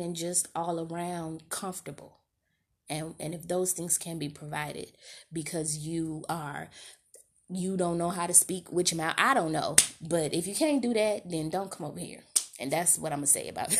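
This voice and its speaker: A woman's voice: on the low side, husky. A woman hosting a podcast, giving a candid, slangy monologue straight to her listeners. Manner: candid, slangy and conversational, addressing listeners directly. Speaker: podcast host. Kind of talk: casual heartfelt monologue.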